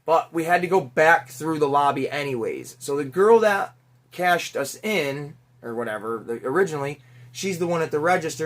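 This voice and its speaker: A middle-aged man telling a Father's Day story in a casual, animated way, swearing now and then and acting out the people in it. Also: fairly high pitch, moderate pace. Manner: animated, chatty, swears casually, mimics voices in anecdotes. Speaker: toy collector vlogger, father.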